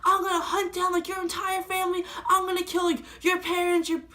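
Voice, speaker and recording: A woman's voice: extremely high pitch, little pitch movement, fairly quick, pitched above the performer's own voice. A woman imitating a furious middle-aged man who screams threats during a spoken story. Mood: enraged. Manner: yelling, threatening.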